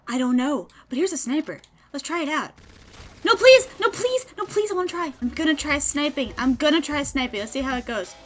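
A young woman with a high, bright voice chats through her gameplay as she plays. She gets excited easily and often breaks into squeals and laughter. The tone is casual and unscripted. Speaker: gaming video host. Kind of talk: live gameplay commentary.

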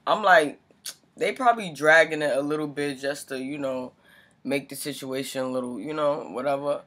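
Dude reacting to a clip, kinda higher voice, slangy, keeps saying bro. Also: male voice, normal speed, bright, forceful tone. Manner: slangy, says bro a lot. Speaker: reaction channel host. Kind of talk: casual reaction commentary.

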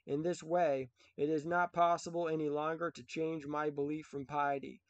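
A man's voice: fairly high pitch, level tone, normal speed, no room sound, lightly acted. A man reading the lines of a young martyr who answers a king boldly and eagerly in archaic speech. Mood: defiant. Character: defiant young male martyr.

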